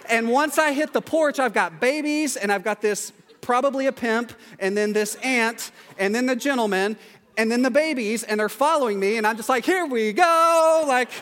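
A man telling a comic anecdote, animated and acting out the voices of the people in it. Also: very high-pitched, moderate pace. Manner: animated, acts out quoted voices. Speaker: storyteller. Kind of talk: comedic anecdote. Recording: long hall reverb.

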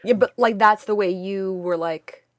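A young woman co-hosting a casual home podcast with her father, relaxed and giggly. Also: medium pitch, a little slow, no room sound, clean studio sound. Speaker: podcast co-host.

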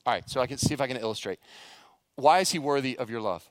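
A man's voice: medium pitch, quick pace, no room sound, studio quality. A male pastor preaching a sermon, telling stories with animation and putting questions to the congregation.

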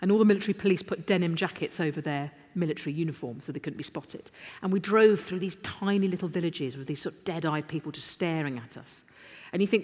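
A middle-aged Englishwoman tells anecdotes on a festival stage, bouncing from one restart to the next and poking fun at herself. Her voice sits a little low for a woman. The sound carries the long reverb of a big hall. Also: fast. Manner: animated, self-deprecating anecdotes with restarts. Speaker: interview guest. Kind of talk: live on-stage storytelling.

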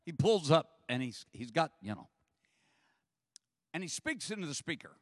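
Animated preacher man, lively high voice. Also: moderate pace, long pauses, no room sound, studio quality, in a large hall. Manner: animated storytelling, acts out voices, laughs often. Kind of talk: sermon with humorous story. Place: church sanctuary.

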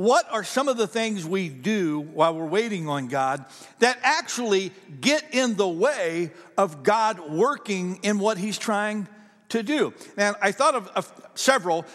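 A male pastor delivers a sermon in a chatty, animated way and keeps asking the congregation questions. His voice sits high for a man. It rings with the long reverb of a church hall. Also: moderate pace.

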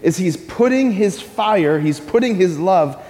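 A man's voice: high-pitched, animated, unhurried, a little mellow. A man preaching a sermon to a congregation, repeating key phrases, leading call-and-response and spelling out words letter by letter. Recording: long hall reverb.

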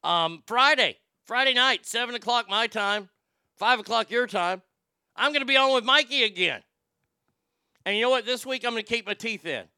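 A man's voice: very high-pitched, animated, moderate pace, bright, forceful tone, smooth, no echo, clean studio sound. A man hosting a livestream in casual commentary, rambling with stammered restarts and a mocking tone. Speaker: livestream host.

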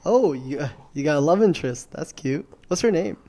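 A man co-hosting a podcast in casual chat, curious and quick to apologize. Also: fairly high pitch, animated, warm tone. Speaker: podcast co-host.

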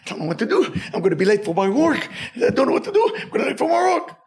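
A man's voice: very high voice, sing-song, rapid-fire, gravelly, bright, forceful tone, voice pushed up, full character voice. A man playing a frantic man late for work. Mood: panicked. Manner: panicky and whiny.

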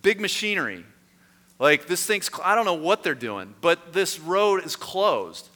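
A pastor delivers a sermon in a casual storytelling way, poking fun at himself as he goes. His voice is bright and sits a little high for a man. It rings out with a long reverb, as if he is in a large hall. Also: unhurried. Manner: conversational storytelling, lively and self-mocking. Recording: echoey hall.

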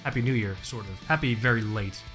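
A man's voice: lowish voice, fast, over music. A young man co-hosting a podcast in casual chat, joking and swearing freely as he rambles. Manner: profane, joking, loose rambling delivery. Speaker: podcast co-host.

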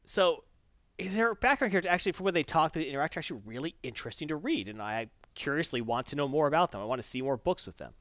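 Animated, rambling man reviewing comics. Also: on the high side, fast, no room sound, highs cut off. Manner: rambling, animated, retells with voices. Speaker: podcast host. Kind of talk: casual comic review chat.

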